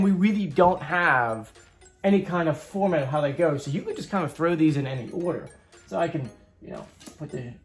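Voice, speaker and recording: A man hosting his own channel, walking viewers through a homemade game board in a chatty, upbeat way, with rambling asides. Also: on the high side. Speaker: YouTube host. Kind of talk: casual show-and-tell walkthrough.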